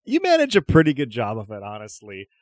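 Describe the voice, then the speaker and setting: A man's voice: mid-range voice, huge pitch swings, brisk, no room sound, clean studio sound. A man narrating a tabletop game as game master, chatty and often restarting his descriptions.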